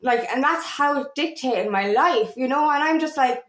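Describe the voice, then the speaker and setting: A woman in her thirties speaks candidly as a feminine empowerment coach, her talk rambling and full of fillers and restarts. Her voice sits fairly high. The room around her gives the sound a noticeable echo. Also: moderate pace, hardly any pauses, a bit bright. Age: 30s. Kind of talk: personal monologue to camera.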